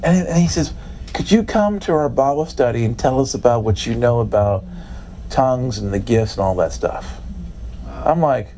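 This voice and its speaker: Gravelly man telling a lively sermon story. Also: moderate pace, slight background noise. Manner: animated storyteller, acts out dialogue with big pitch jumps, fills with "da, da, da". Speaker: preacher.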